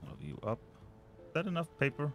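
A man's voice: fairly high pitch, wildly swooping pitch, fast talker, faint music behind. A man casually commenting while he plays a management game, often muttering and trailing off as he thinks aloud. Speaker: let's play host.

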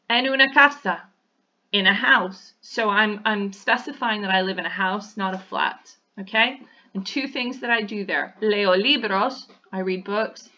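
A woman's voice: fairly high pitch, bright, forceful tone. A woman teacher, talking through a lesson voice-over in a patient way and often checking in with "okay?". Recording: dull, lo-fi audio.

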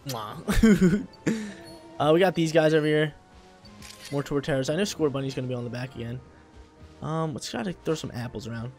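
A young man casually commenting while he plays a video game, laid-back and slangy, with sudden loud bursts of excitement. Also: fairly high pitch, normal speed, long pauses, faint music behind. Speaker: gameplay streamer.

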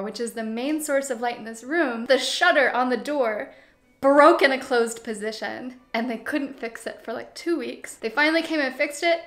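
A young woman giving a casual, chatty tour of her houseplants, shifting between cozy quiet asides and excited bursts. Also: high-pitched. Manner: chatty and animated, swings between cozy hush and excited outbursts. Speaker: plant YouTuber. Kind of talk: casual plant tour vlog. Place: living room full of plants. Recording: echoey room.

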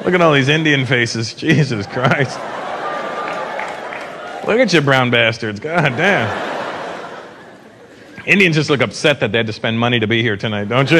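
A man performing a stand-up comedy set on a theater stage in an animated, mocking way, often slipping into impressions. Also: medium pitch, measured pace, long pauses. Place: theater stage before a live audience. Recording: live show with loud crowd and noise. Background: loud audience laughter.

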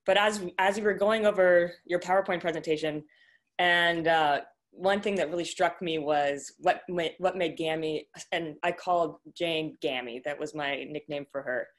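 A young woman on a video call shares memories of her grandmother in halting, emotional speech with many fillers, then reads a eulogy she wrote. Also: lowish voice. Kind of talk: casual remarks and reading a eulogy.

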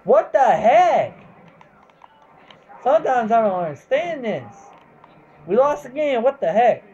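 A gameplay commentator talking casually over a match, excitable, exclaiming and swearing at the game. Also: mid-range voice, slow, lo-fi sound.

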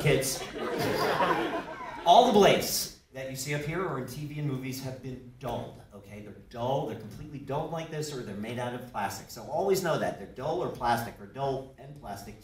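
A man's voice: mid-range voice, brisk, very noisy. A man with a New Jersey accent hosts a live comedy stage show, teasing and joking with the audience. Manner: joking, teasing, animated banter with laughs. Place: indoor theater stage. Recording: echoey theater from far off, loud crowd.

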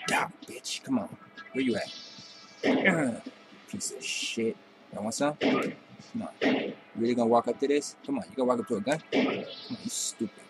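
A man's voice: mid-range voice, poor audio. A young man giving casual, profane trash-talking commentary while playing a video game. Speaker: gameplay commentator.

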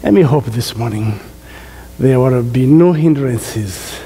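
A man's voice: medium pitch, expressive, slow pace, warm tone, slightly rough. A middle-aged man with an African accent preaching a sermon as a guest preacher, jovial and often laughing between remarks. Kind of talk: sermon with prayer. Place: large church sanctuary. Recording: long reverb of a church hall.

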